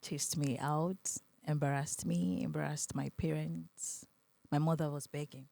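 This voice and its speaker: A woman's voice: sits low, measured pace, vocal fry, no room sound. A young adult woman with a Nigerian accent, a podcast guest telling her story in casual conversation and acting out the voices she quotes. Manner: animated, acts out quoted voices, laughs often.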